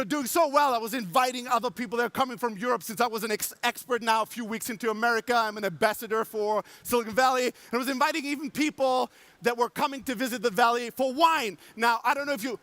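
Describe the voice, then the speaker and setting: A man with a German accent giving an energetic conference talk, acting out quotes and swearing for emphasis. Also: very high voice, no echo. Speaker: conference speaker. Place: conference stage before an audience.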